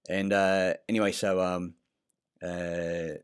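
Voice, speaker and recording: Deep-voiced rambling man vlogging. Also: level tone, slow pace, clear, resonant tone. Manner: rambling, meandering, frequent fillers and restarts; blunt and profane. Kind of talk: rambling monologue vlog. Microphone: self-recorded clip.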